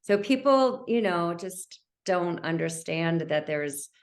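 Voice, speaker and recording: A woman who works as a Reiki healer, speaking gently and warmly about her community as a guest on a podcast. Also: on the low side, lively intonation, slow pace. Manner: gentle, heartfelt, spiritual talk. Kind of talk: conversational podcast interview.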